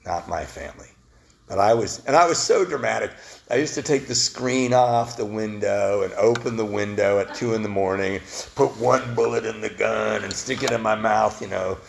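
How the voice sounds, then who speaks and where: A man sharing his recovery story at a meeting, self-mocking and laughing at his own past, swinging between loud bits and quiet confession. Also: fairly low pitch, normal speed, creaky. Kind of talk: personal testimony at a recovery meeting.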